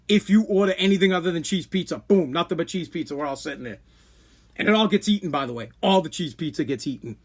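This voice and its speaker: A man's voice: fairly high pitch, slightly rough. A man hosting a podcast, ranting bluntly and acting out imagined dialogue in a casual sports talk. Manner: blunt and profane. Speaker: podcast host.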